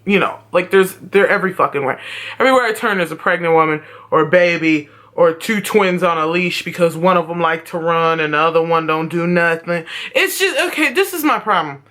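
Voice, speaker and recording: A woman's voice: on the low side, expressive, a little fast, a bit bright. A young woman vlogging at home, telling stories in a blunt, profane rant. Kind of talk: casual vlog rant.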